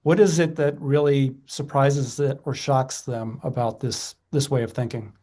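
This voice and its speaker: Man hosting an interview, mellow dark tone, thoughtful, pauses with ums. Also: medium pitch, steady tone. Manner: thoughtful, searching, pausing with ums. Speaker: podcast host. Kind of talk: interview questions.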